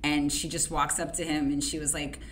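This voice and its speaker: A woman comedian telling stories in a casual interview, chatty and animated, peppering her talk with "like". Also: sits low. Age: adult. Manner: animated storyteller, quick and chatty, fond of "like". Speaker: comedian and actress. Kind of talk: casual chat.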